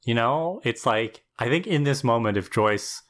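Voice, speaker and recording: A man's voice: medium pitch, lively intonation, measured pace, fairly bright tone. A man co-hosting a casual podcast, analysing a TV episode in a thoughtful, explanatory way, often checking in with "right?". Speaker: podcast co-host.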